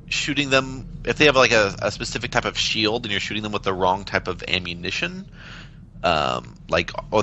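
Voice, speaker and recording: A young British man chatting casually on a gaming podcast, animated and quick to laugh. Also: lowish voice, muffled recording, a little hiss or hum. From Britain. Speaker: podcast co-host. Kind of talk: casual chat.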